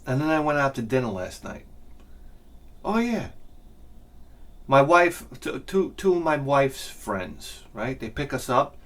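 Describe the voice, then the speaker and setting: A middle-aged man telling a rambling, self-mocking comic story with lots of swearing and loud bursts of laughter. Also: medium pitch, big pitch swings, a little slow, long pauses. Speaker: video game collector vlogger.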